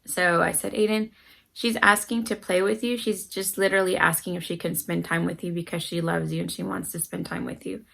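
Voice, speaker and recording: A middle-aged mother, a parenting vlogger, talks casually to camera with parenting advice in a lowish, gravelly, slightly bright voice that is brisk and steady in tone. She earnestly acts out her children's voices while telling stories, and the audio is poor.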